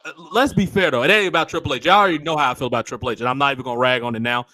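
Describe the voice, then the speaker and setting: A man's voice: medium pitch, very fast, bright, forceful tone, dry recording. A man hosting a casual wrestling talk show, speaking bluntly and swearing freely. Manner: blunt and profane. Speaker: podcast host.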